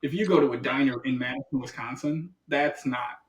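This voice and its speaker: A man co-hosting a podcast in casual chat, animated, acting out what other people say and laughing often. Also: mid-range voice, a little fast, crowd noise. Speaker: podcast co-host.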